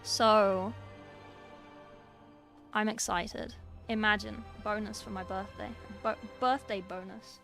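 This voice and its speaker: A woman's voice: medium pitch, fairly even intonation, slow, gravelly, long pauses, fairly bright tone, faint music behind. A young woman chatting casually on a livestream while painting miniatures, reading and answering her chat from a small room at home. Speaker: streamer.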